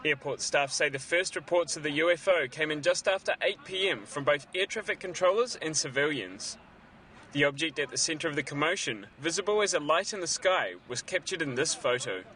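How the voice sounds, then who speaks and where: A man filing a recorded news report outdoors in a city, with a measured, even delivery. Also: fairly high pitch.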